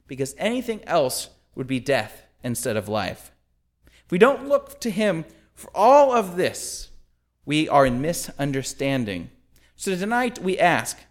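A man's voice: a little high, sing-song, measured pace. A man preaching a sermon, with emphatic rhetorical questions and storytelling.

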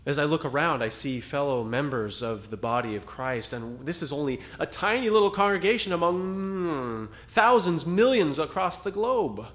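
A man's voice: a little high, expressive, normal speed, few pauses, a bit bright. A man preaching a sermon to a small congregation in a conversational style, rising to dramatic emphasis at times. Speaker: pastor.

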